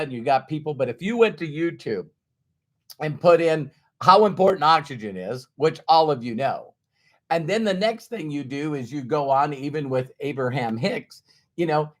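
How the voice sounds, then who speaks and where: A man giving a motivational talk to an audience, acting out everyday inner voices in an animated way. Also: fairly high pitch. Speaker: motivational speaker.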